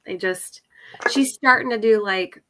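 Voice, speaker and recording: A woman's voice: mid-range voice, a little slow, a bit bright. A young adult woman chatting casually with friends on a call, full of fillers and laughter. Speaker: readathon participant. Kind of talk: casual video-call chat.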